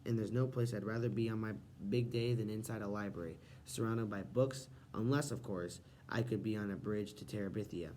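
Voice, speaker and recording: A man reading an audiobook, voicing a playful, theatrical older gentleman who speaks grandly and deliberately. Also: on the low side, slight background noise, natural voice.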